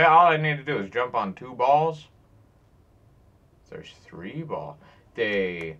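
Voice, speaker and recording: A man's voice: mid-range voice, very animated, slow pace, long pauses, sharp tone, far from the mic. A man joking to himself and yelping now and then as he plays through a video game. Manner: joking, talks to himself while playing, sudden yelps. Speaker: gameplay streamer. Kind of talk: casual gameplay commentary.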